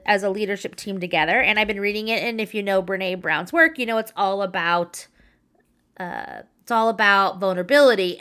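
A woman in her thirties hosting a podcast, telling a story in a chatty, animated way and laughing as she goes. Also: mid-range voice. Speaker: podcast host. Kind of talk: casual storytelling monologue.

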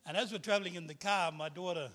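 Middle-aged man, guest preacher, frank testimony style, bright voice. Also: sits high, fast talker. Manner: candid storytelling with self-deprecating laughs. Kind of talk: personal testimony sermon.

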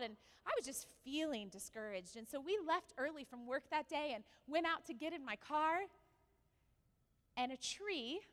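Bright, high-voiced woman pastor in a hall. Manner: animated storytelling, asks the congregation questions. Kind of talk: sermon with personal story.

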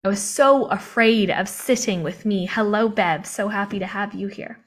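A woman's voice: medium pitch, moderate pace. A young woman in live online training mode, impassioned and confiding, talking into a video call mic and laughing often between points. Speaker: motivational coach.

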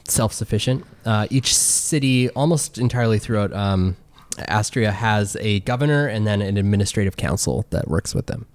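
A man acting as game master, describing the world at an unhurried pace with frequent pauses and ums. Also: on the low side, lively intonation, darkish tone, dry recording. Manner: explains slowly with many ums. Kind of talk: narrating a tabletop game.

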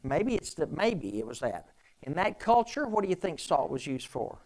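A pastor preaching a sermon in a conversational way, with repeated phrases and strings of rhetorical questions. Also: male voice, fairly high pitch, very animated, normal speed, darkish tone, low-quality recording.

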